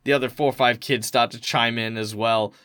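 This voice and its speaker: A man's voice: mid-range voice, steady tone, fairly quick, fairly bright tone, smooth, no room sound, clean studio sound. An Australian man narrating a tabletop game as game master, casual and rambling. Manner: rambling, informal, hesitant.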